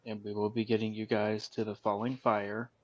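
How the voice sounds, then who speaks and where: A man playing a character in a tabletop game, speaking calmly and in a measured way. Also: fairly low pitch, rough recording. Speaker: player.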